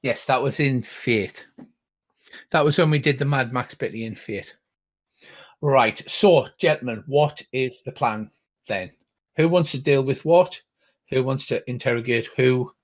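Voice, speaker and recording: A man's voice: medium pitch, unhurried. Older man running a tabletop game. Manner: relaxed, wry narration with hesitations. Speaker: game master.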